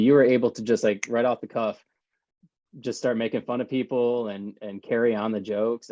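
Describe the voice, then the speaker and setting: A man's voice: fairly low pitch, dark tone, no echo. A man hosting a podcast, who chats casually, laughs often and keeps his replies short and encouraging. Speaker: podcast host. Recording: dull, dry lo-fi sound.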